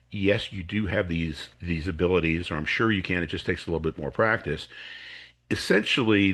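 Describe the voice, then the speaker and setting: A man, an educator and coach, appears as a podcast guest to explain a technique, acting out the voices of students and teachers as he goes. His voice sits low, with a fairly bright and slightly rough tone.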